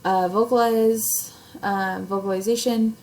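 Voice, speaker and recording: A woman's voice: medium pitch, fairly even intonation, measured pace, a little mellow, low-quality recording. Young woman teacher, video lesson, casual step-by-step explaining, lots of ums, faint background noise. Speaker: English teacher. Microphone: recording herself on camera at home or in class setup.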